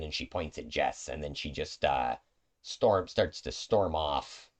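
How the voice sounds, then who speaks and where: Very deep-voiced man running a tabletop game. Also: animated, a little slow. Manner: loose, filler-heavy narration. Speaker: game master.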